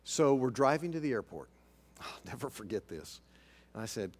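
Animated middle-aged male preacher. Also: medium pitch, normal speed. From Oklahoma. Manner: animated storyteller, quoting others in a hushed voice. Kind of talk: sermon storytelling.

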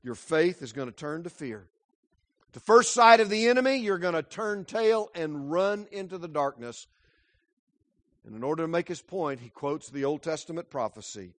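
Male pastor, sermon, high pitch, dramatic emphasis, dry. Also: lively intonation, normal speed, no echo. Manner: dramatic, swinging between loud emphasis and hushed asides.

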